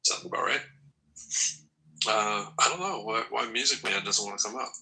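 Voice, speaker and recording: Bright-voiced man hosting a jokey chat. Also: fairly low pitch, moderate pace, poor audio. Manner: jokey, rambling, calls on people by name. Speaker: host of a group audio chat room. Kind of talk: casual group chat.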